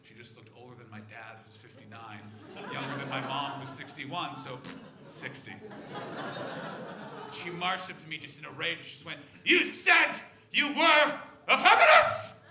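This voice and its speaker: A male stand-up comedian on a comedy club stage, talking brashly and profanely and breaking into loud shouts. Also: medium pitch, fairly even intonation, normal speed. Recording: echoey club room with audience noise.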